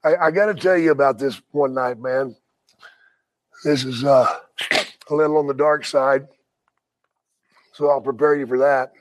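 An older man, a retired wrestler and podcast guest, telling stories in a casual, profane, animated way with frequent laughs. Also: medium pitch, moderate pace, pauses often, poor audio. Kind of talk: casual storytelling.

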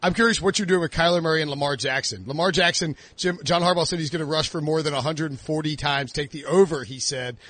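A man's voice: a little high, quick pace, hardly any pauses, a bit bright. A man hosting a casual fantasy football podcast chat, talkative with fillers.

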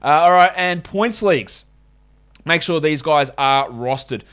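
A man's voice: fairly high pitch, measured pace, a bit bright, clean tone. Blunt Australian man hosting a podcast. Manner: blunt, opinionated, swears casually. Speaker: fantasy basketball podcast host. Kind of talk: casual solo podcast chat.

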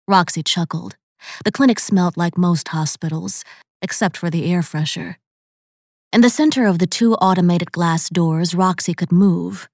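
A woman narrating a scripted horror story in a measured, atmospheric way. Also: lowish voice, a little mellow, dry recording, studio quality.

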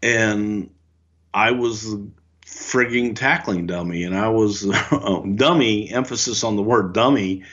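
An older man co-hosting a podcast, telling relaxed stories, chuckling often and acting out quotes. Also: on the low side, slow pace, dull audio. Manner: relaxed, chuckling storyteller who acts out quotes. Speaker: podcast co-host and former wrestling executive. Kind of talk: anecdotal storytelling.

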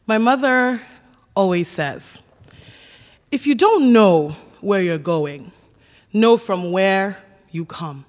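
A woman from Sierra Leone telling a personal story live on stage, slow and reflective. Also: mid-range voice, animated, long reverb tail. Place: stage in a hall.

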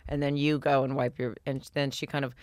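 A woman's voice: very deep voice, flat delivery, brisk, a little mellow, dry recording. A woman co-hosting a podcast in casual chat, explaining at length with many filler "like"s.

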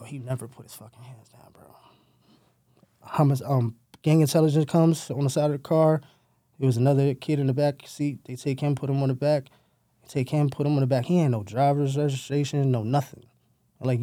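A man's voice: mid-range voice, mellow, no room sound, clean studio sound. A man, telling his own story in loose street slang with plenty of profanity and rambling asides. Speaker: former gang member telling his story. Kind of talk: casual storytelling.

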